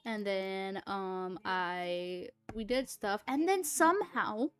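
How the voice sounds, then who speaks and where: A young woman livestreaming, telling a rambling, animated story full of fillers, swearing and laughter. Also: medium pitch, takes it slowly, clean tone. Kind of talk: casual storytelling chat.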